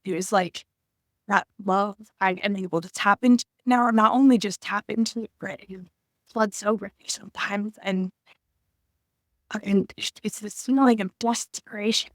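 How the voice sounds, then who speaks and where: Thirty-something woman, heartfelt and halting, stops to find words, dry sound. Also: medium pitch, fairly even intonation, no room sound. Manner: halting, emotional, searching for words. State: tearful at times. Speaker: vlogger. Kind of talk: personal reflective talk to camera.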